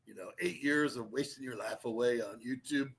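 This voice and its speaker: A patronizing older father, put on by a man, talking down to his grown son in a low, hushed voice. He sounds gentle and indulgent but makes clear he thinks little of the son. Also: moderate pace.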